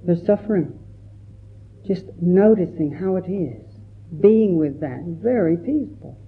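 A monk gives a reflective dharma talk in a gravelly, fairly high male voice. The recording is thin and phone-like, as if heard down a narrow line. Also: animated, a little slow. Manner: storytelling with quoted voices, gentle and reflective. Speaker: Buddhist monk teacher.

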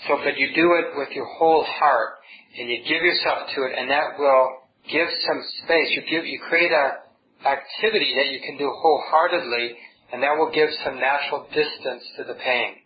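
Calm male meditation teacher, lo-fi. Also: medium pitch, moderate pace, slight background noise. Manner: calm, reflective, speaks in gentle repeated phrases. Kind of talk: dharma talk. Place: meditation hall with a group.

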